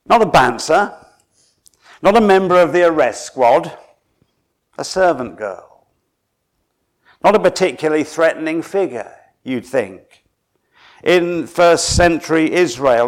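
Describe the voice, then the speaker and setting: Preaching in a dramatic, story-driven style, a Suffolk man from England lets his voice, which sits on the high side, fall to a hush before swelling again for emphasis.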